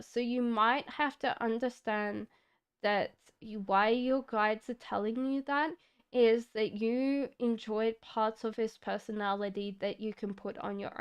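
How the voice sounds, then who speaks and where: A woman's voice: on the high side, smooth. An Australian woman giving tarot readings on a live stream, chatty with many fillers and frequent laughs. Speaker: tarot reader.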